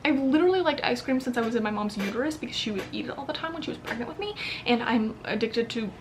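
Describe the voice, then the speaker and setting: An American woman in her early twenties talks casually to camera in a slightly higher voice, rambling through her thoughts with constant fillers and a few swears. She sounds candid and unscripted, as if chatting at home. A faint ambient hum sits under her voice. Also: animated, quick pace. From United States. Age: early 20s. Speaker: vlogger.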